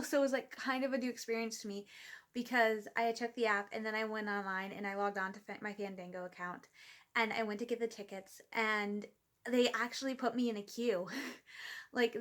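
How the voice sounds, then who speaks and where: A woman's voice: medium pitch, fairly bright tone. A young woman vlogging casually, gushing and giggly, with lots of "like" fillers. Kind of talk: casual vlog chat.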